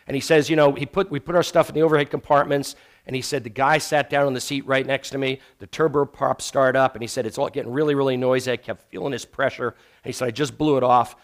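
A man preaching a sermon on sharing faith, earnest, telling stories and dropping to a hush for emphasis. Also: medium pitch, steady tone, fast talker. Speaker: evangelism teacher.

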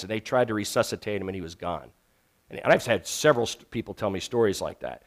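A man preaching a sermon on sharing faith, earnest, telling stories and dropping to a hush for emphasis. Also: fairly low pitch, expressive, fast. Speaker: evangelism teacher.

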